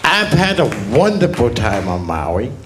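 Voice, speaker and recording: Slow laid-back male stand-up comic. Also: mid-range voice, huge pitch swings, heavy background noise. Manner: slow, laid-back storytelling with crude punchlines. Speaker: stand-up comedian. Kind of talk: stand-up comedy set.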